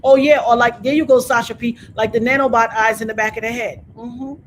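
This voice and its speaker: On a poor-quality recording with a little hiss or hum, a livestream host with a slightly high, steady voice talks briskly. She addresses her viewers head-on in a casual, emphatic, preachy rant to chat.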